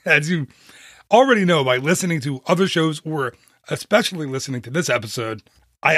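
A man's voice: on the high side, a bit bright, dry recording. Chatty upbeat male podcast host, dry close sound. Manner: chatty, self-deprecating, upbeat. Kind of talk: casual solo podcast talk.

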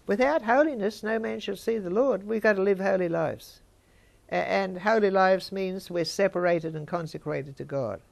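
A woman's voice: mid-range voice, moderate pace, creaky. An older woman, giving informal Bible teaching and chatting with her listeners. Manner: conversational, chats with listeners.

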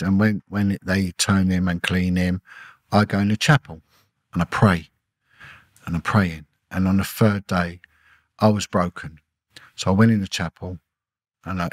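A man's voice: low-pitched, no room sound. A middle-aged man, a former detective as a podcast guest, telling an emotional personal story intensely and acting out the dialogue. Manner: intense, repetitive, acts out quoted dialogue.

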